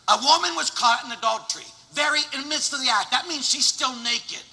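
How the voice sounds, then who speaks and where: A priest in his forties preaching a lively sermon, swinging from loud exclamations to hushed storytelling. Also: extremely high pitch, brisk, vocal fry, hardly any pauses. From Pittsburgh, USA. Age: 40s. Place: church. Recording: long church reverb.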